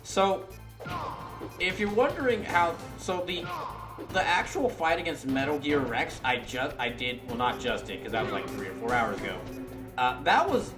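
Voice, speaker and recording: A man's voice: on the high side, roomy sound. A British man streaming a game, talking in a chatty, rambling way with many restarts. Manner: rambling, self-correcting, chatty. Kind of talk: casual gameplay commentary.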